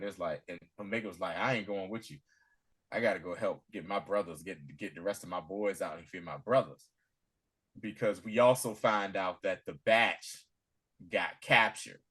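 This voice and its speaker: A man's voice: lowish voice, fairly bright tone. A man co-hosting a casual recap chat, retelling scenes with acted-out lines and laughter. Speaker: podcast co-host.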